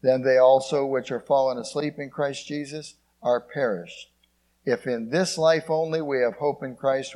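A man preaching a sermon. He reads scripture in old King James wording, asks the congregation "Amen?", and swings between emphatic peaks and quiet low passages.

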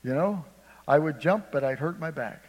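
A man's voice: a little high, normal speed, slightly rough, big-room sound, dull audio. A man preaching a sermon, telling a folksy story, acting out voices and calling on the congregation for amens. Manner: storytelling, acts out voices, asks congregation for response.

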